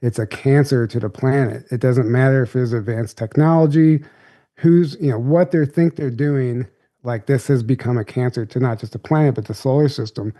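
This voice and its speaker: A man's voice: medium pitch, fairly even intonation, moderate pace, dark tone. A young adult man, a podcast guest, telling a story in a loose, rambling, casual way.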